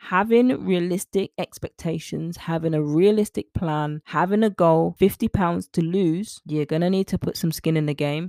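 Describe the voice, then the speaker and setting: A woman's voice: low-pitched, a little mellow, no room sound, clean studio sound. A woman, a young adult weight-loss coach talking on her podcast in an earnest, encouraging, rambling way. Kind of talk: casual motivational podcast talk.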